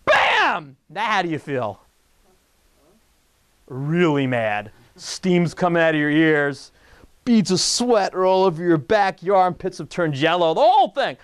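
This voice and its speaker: A man, a rabbi, giving a jokey, animated talk to an audience, acting out little scenes and asking the room questions. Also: sits high. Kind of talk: lively lecture to an audience.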